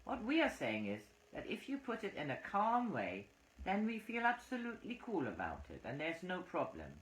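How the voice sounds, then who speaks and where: A woman voicing a calm English aristocrat who mediates gently and reasons with others. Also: on the low side, moderate pace, pitched above the performer's own voice, low-quality recording.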